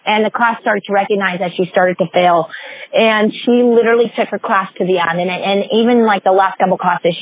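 Animated woman telling stories, phone-like audio. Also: mid-range voice, dry recording. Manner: animated storyteller, acts out quoted voices. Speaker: fitness executive guest. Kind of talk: interview storytelling.

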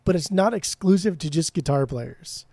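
A man's voice: on the high side, lively intonation, moderate pace, a little mellow, no room sound. A man co-hosting a podcast, chatting casually about an album, brash and teasing, swearing freely. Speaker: podcast co-host. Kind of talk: casual music review chat.

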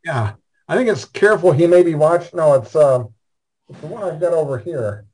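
A man hosting a casual group call, rambling and halting with many fillers. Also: a little high, animated, darkish tone. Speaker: host.

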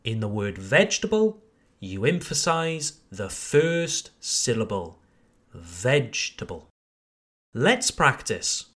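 A man with a British accent teaching English pronunciation on a podcast, encouraging and repeating each word slowly for learners. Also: medium pitch, very animated, a bit bright. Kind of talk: podcast lesson.

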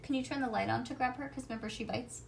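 A woman's voice: fairly high pitch, quick pace, gravelly, background noise. Mother reading a storybook aloud at home. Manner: relaxed, chatty asides to her child.

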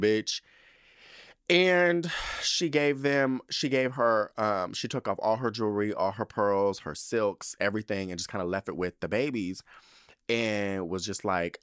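A young man hosting a podcast in casual chat, sassy and animated, swearing often and getting choked up. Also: fairly low pitch, no echo, clean studio sound. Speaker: podcast host.

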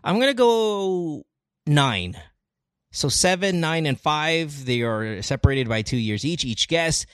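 A man hosting a casual call-in podcast, playful and joking, with sudden loud laughs and casual swearing. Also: fairly high pitch, lively intonation, slow, clean tone, no echo, studio quality. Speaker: podcast host taking calls.

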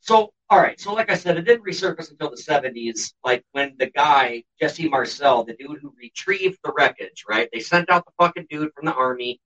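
Co-hosting a laid-back podcast, this man tells a story bluntly and sarcastically, cursing nonstop. His voice sits on the high side and is a bit bright and expressive, moving at normal speed with few pauses. The audio is dull and lo-fi, and he's far from the microphone.

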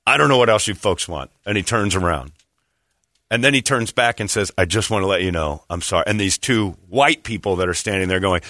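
A man's voice: fairly quick, no room sound, studio quality. A man telling a story in casual chat, acting out the people he quotes. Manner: animated, acts out quotes with raised pitch.

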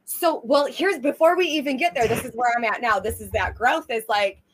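A woman's voice: on the high side, brisk, fairly bright tone, slight background noise, low-quality recording. A woman in a casual conversation, talking candidly and reflectively about herself, with some swearing. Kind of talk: casual chat.

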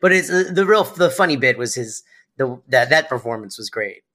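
A woman's voice: rumbling low, expressive, moderate pace, fairly bright tone. A woman co-hosting a podcast, chatting casually as she recaps a TV episode and acts out quoted lines. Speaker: podcast co-host.

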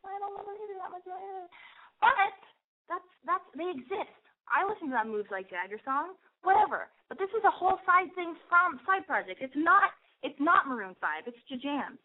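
A woman hosting a call-in advice show, talking in a brash, profane, rambling way with a noticeable lisp. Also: on the high side. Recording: tinny phone-like sound.

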